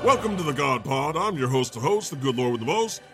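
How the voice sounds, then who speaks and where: A man's voice: medium pitch, animated, a little fast, over music, lightly acted. A man playing a goofy God hosting a podcast. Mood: joking. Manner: joking, self-deprecating banter. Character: God, goofy self-mocking male deity host. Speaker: host. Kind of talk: improvised comedy podcast.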